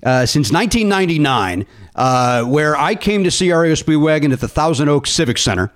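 A man hosting a comedy podcast, telling a story in an animated, laughing way in casual interview chat. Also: a little high, fairly quick. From Illinois. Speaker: podcast host.

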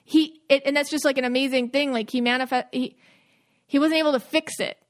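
Emotional higher-voiced woman podcaster. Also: steady tone, brisk. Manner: emotional, musing, intuitive. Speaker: podcast co-host. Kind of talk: casual podcast chat.

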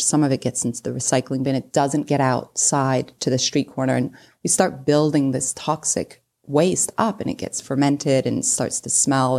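A woman in her mid forties speaks in a notably low voice. She is a guest on a podcast and explains things with eager analogies. Her tone is chatty and relaxed. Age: 40s. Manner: explanatory, uses analogies, giggly asides. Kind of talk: casual interview chat.

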